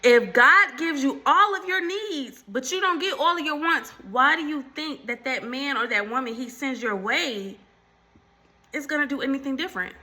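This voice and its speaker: A woman's voice: high voice, expressive, normal speed, pushed and bright. A woman hosting her own channel, chatting casually to viewers about faith and relationships, calling them y'all, with preachy asides. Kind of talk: casual faith talk to camera.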